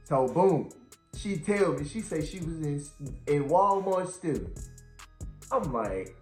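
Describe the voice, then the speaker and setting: A young man, a college football player, telling his side of a story in a relaxed, casual way. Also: fairly high pitch, unhurried, soft background music. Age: young adult. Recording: roomy echo, faint background beats.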